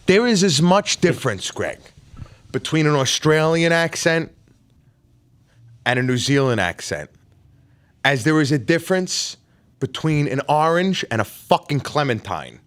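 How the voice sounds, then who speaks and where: Dude cohosting a podcast, kinda high voice, super animated, cussing and yelling his point. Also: a little slow, pauses often. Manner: animated, profane, argumentative, bursts into shouts. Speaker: podcast co-host. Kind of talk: casual banter.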